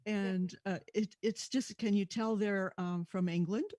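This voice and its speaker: A woman's voice: mid-range voice, takes it slowly, darkish tone, no room sound. A woman co-hosting a talk show, chatty and easygoing. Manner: chatty, easy and friendly. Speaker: co-host. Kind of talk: casual talk show chat.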